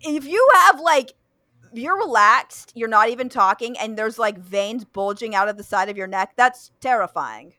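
A woman's voice: on the high side, lively intonation, moderate pace, pushed and bright, dry recording. A young woman hosting a casual chat, blunt and profane, with lots of fillers and restarts. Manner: blunt, swears freely, many fillers and restarts. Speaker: podcast host.

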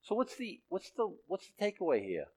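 Man, pastor, sermon, conversational, animated pitch, emphatic peaks. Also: a little fast, husky.

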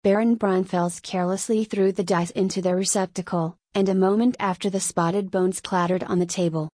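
A woman reading a story aloud as an audiobook narrator, in an even, measured way into a close mic. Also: medium pitch, dry recording. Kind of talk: scripted narration.

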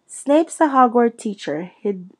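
Hagrid, a woman doing a gruff giant gamekeeper. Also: fairly high pitch, very animated, measured pace, full character voice. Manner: gruff, hotly insistent. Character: big gruff gamekeeper man, blustering and loyal.

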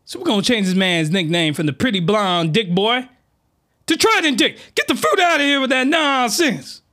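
A man hosting a comedy podcast, reviewing a comic in a slangy, rambling monologue with sudden shouted outbursts. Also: normal speed. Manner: animated, jumps into high-pitched shouted outbursts; slangy, rambling, with many restarts.

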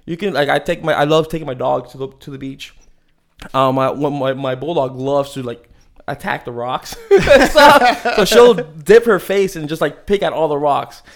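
Chatty rambling man, slightly high voice. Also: expressive, moderate pace. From Maryland. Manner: rambling, lots of fillers and laughs. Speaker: podcast guest. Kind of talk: casual interview chat.

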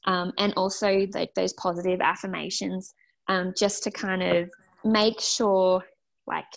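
A woman's voice: lowish voice, level tone, measured pace, gravelly. A young woman, casually telling a long personal story, full of fillers and quoted dialogue. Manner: chatty, many fillers, quotes herself and others. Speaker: guest telling her birth story.

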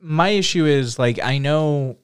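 A young man co-hosting a podcast in casual chat, laid-back with a dry, deadpan manner. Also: a little high, a little slow, smooth, no echo. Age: young adult.

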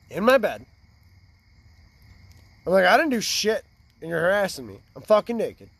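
Young guy ranting a messy sweary story, kinda high voice, chatty and loose. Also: moderate pace, gravelly, pauses often, slightly rough, dry recording. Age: 20s. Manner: profane, rambling, animated. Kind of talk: casual drunken storytelling. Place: outdoors by a fire.

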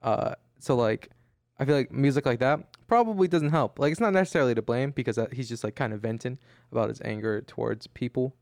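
A man's voice: medium pitch, brisk, vocal fry, a little mellow, no echo, studio quality. A tired young man hosting a casual chat, rambling with lots of restarts. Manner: rambling, many restarts and fillers. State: tired, yawning. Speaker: podcast host.

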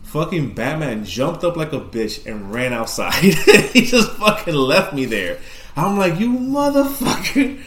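A man's voice: medium pitch, unhurried, few pauses, echoey room. A man casually telling a spooky story on a podcast, rambling and swearing, with lots of fillers. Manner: profane, rambling, animated retelling. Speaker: podcast co-host.

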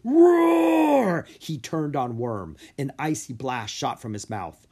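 A man reading a children's adventure book aloud, his pitch rising and falling in a lively, animated way. His voice sits in an ordinary middle register and he keeps the storytelling expressive. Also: a little slow, husky. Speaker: audiobook reader.

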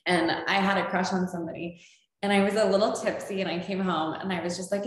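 A woman's voice: lowish voice, fairly even intonation, quick pace. A woman hosting a casual chat, telling a story in a bubbly way with many fillers and frequent laughter. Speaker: podcast host. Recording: very echoey room.

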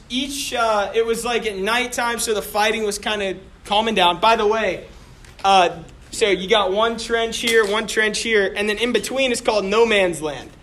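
High-voiced animated male teacher. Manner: animated, joking, acts out quotes. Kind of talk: classroom history lesson. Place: classroom.

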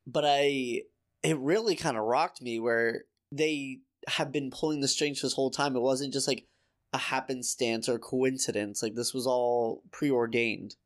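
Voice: mid-range voice, fairly even intonation, measured pace. A podcast co-host in a casual book discussion, talking about the story in an earnest, emotionally invested way.

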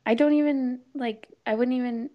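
A woman's voice: a little high, fairly even intonation, moderate pace, lo-fi sound. A woman hosting a podcast in casual chat, answering hesitantly and giggling between short replies. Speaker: podcast host.

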